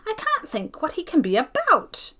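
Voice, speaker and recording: A woman doing a slow, fretful old hostess. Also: high-pitched, wildly swooping pitch, bright, forceful tone, pitched above the performer's own voice, full character voice. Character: torpid, helpless elderly hostess.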